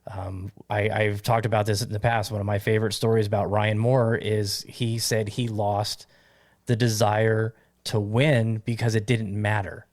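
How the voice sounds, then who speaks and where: Low-voiced man hosting a golf podcast. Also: moderate pace, dry recording, clean studio sound. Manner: animated, teasing hot takes. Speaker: podcast host. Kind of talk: casual chat.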